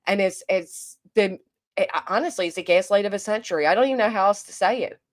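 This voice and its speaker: A woman's voice: medium pitch, quick pace. A woman hosting a commentary livestream, venting in an exasperated, rambling way with frequent restarts and reading chat aloud. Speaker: commentary channel host.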